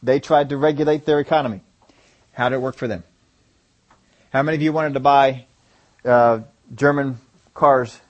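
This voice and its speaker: A man's voice: mid-range voice, fairly even intonation, normal speed, pauses often, dull audio. A man preaching a sermon, asking the congregation rhetorical questions and driving his points home with emphasis.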